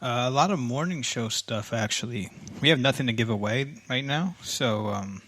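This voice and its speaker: Relaxed American-radio guy, dry sound. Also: mid-range voice, moderate pace, no echo. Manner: relaxed, rambling, hesitant with fillers. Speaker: radio imaging producer, guest. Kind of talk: casual podcast chat.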